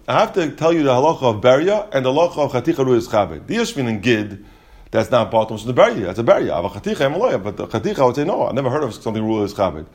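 A man explaining Talmud in a casual class, rapid and full of restarts and asides. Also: mid-range voice, darkish tone. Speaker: Talmud teacher.

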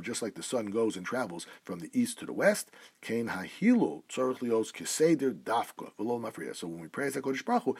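A man with a fairly low, somewhat husky voice teaches a halacha lesson. He reads each Hebrew phrase slowly and deliberately, then explains it in plain English. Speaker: Torah teacher.

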